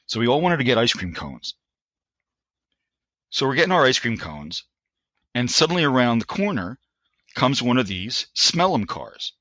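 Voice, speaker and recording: A man in his sixties telling a story as a podcast guest. He talks in an animated way, with frequent restarts, and acts out the voices of people he quotes. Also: medium pitch, normal speed, pauses often, no echo, dull audio. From United States. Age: 60s. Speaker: guest, Army veteran. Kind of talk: anecdotal storytelling in a podcast interview.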